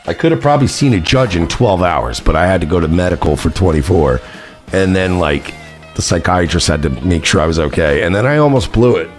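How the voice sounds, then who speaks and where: A man's voice: low-pitched, expressive, a little fast, soft background music. A man telling a personal story in a casual, rambling, profane way, often waving details off with "blah, blah". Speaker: vlogger.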